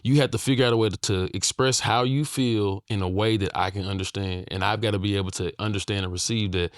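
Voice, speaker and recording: A man's voice: on the low side, steady tone, quick pace, dry recording, studio quality. A man in a casual podcast chat, a parent explaining his view emphatically and at length.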